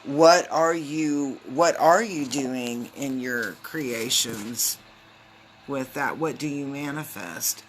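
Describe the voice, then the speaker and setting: A woman giving a casual live tarot reading on a phone, chatty and loose, with lots of filler ums and quick hellos to her viewers. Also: a bass voice, slight background noise. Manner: greets viewers mid-reading. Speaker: tarot reader.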